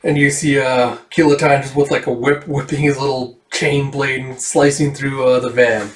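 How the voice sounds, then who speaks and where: A man's voice: mid-range voice, flat delivery, moderate pace. A man casually reading through a comic and reacting, with fillers and swearing. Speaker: comic reader and reviewer. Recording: roomy, distant mic.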